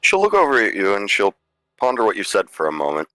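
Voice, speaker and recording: Deep-voiced man narrating a tabletop game. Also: huge pitch swings, fast, background noise. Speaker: game master.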